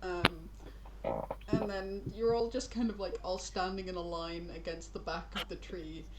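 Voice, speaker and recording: Woman game master, slow chatty narration full of laughs and filler words. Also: on the low side, steady tone, rough recording.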